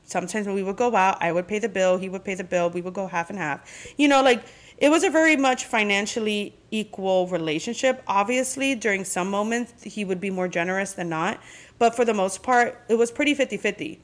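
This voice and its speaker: A woman's voice: mid-range voice, a little fast. Candid, swearing woman podcaster. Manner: candid, profane, venting. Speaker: podcast host. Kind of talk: casual chat.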